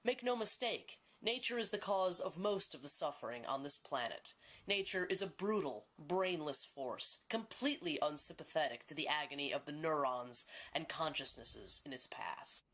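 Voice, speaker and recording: Woman narrating a film, grave and solemn, kinda low-pitched. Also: lively intonation, moderate pace, fairly bright tone. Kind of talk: dramatic scripted narration.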